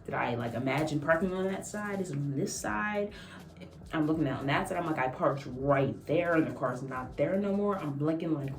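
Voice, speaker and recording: A woman's voice: deep voice, lively intonation, fast. A young woman vlogger telling a casual story, acting out quotes and laughing often. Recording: echoey room, mic at a distance.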